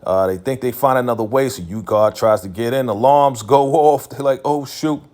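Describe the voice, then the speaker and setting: A man's voice: mid-range voice, moderate pace, a little mellow. A man casually recapping a TV episode in a laid-back, slangy way, full of filler phrases.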